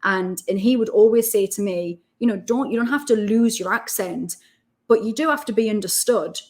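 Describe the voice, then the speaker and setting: A woman with a Geordie accent, from Newcastle, chatting as an interview guest and telling lively stories. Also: medium pitch, normal speed. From Newcastle, North East England. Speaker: guest, self-development coach. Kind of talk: casual interview chat.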